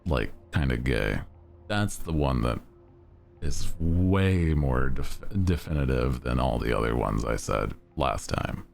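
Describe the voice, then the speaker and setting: A man's voice: a bass voice, animated, takes it slowly, creaky, darkish tone, faint music behind. A man chatting casually on a live stream as its host, with a melodic, lilting delivery that rises at the ends of sentences.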